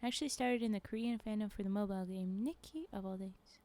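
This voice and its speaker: A woman streamer chatting casually with her viewers while playing a game. She laughs often, is playful, and drops into quiet muttering and half-whispers while she concentrates. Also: mid-range voice, quick pace. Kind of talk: casual chat while gaming.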